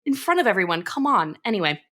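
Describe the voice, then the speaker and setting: A woman co-hosting a podcast, recapping a cartoon episode in casual chat, animated and profane, laughing often and acting out quotes. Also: medium pitch, fast. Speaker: podcast co-host.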